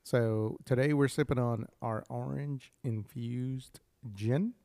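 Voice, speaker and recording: Gravelly man joking on a podcast. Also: mid-range voice, steady tone, slow, warm tone, no room sound. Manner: joking, laid-back, rambling. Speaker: guest from a spirits company. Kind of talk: casual podcast chat. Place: podcast studio.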